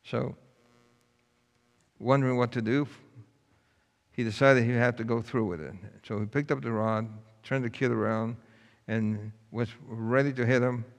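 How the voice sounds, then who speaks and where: A man's voice: mid-range voice, steady tone, unhurried. A man preaching a sermon, telling a story in a folksy, earnest way. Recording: long hall reverb.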